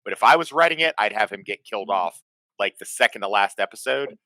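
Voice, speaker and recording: A man with a bright, forceful, fairly low voice talks bluntly and swears freely. He tells his points with animated energy. The sound is dry and close. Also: fast, no room sound, low-quality recording. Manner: blunt and profane, animated storytelling. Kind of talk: casual chat.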